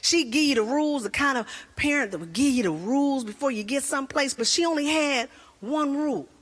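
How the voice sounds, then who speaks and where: High-voiced woman doing stand-up. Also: fairly quick. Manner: animated storytelling with voices. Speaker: stand-up comedian. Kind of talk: stand-up comedy routine.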